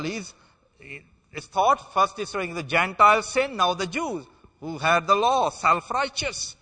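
A man preaching a sermon in a church, slow and deliberate, stressing key words with emphasis. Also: high voice, sharp tone, big-room sound.

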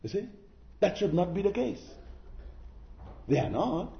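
A man's voice: high voice, big pitch swings, unhurried, reverberant, highs cut off. A man preaching a sermon in an earnest, exhorting manner, with rhetorical questions and emphatic repetition.

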